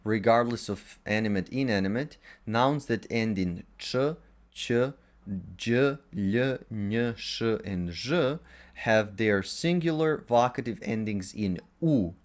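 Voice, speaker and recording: A man's voice: lowish voice, slow. A man teaching a language lesson, methodically going through word pairs with short asides. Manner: methodical, lists words in pairs with brief asides.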